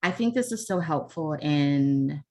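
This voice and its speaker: Very low-voiced woman leading a webinar. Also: animated, unhurried, darkish tone. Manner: conversational, many ums and restarts, self-deprecating asides. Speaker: webinar presenter. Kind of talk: casual online workshop talk. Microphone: video call.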